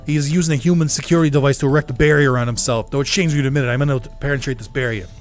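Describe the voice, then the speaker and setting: A haughty male demon lord from a video game speaks with a put-on Boston accent, as a streamer reads his lines. He talks in stiff, formal, contemptuous sentences, pushing a little higher and louder than everyday talk, with faint game music behind. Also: steady tone, very fast, close to an everyday voice.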